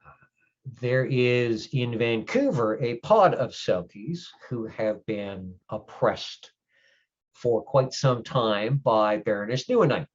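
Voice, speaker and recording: A man playing a gruff, grumpy older male changeling lord who speaks bluntly and swears in halting explanations. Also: mid-range voice, lively intonation, highs cut off. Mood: grave.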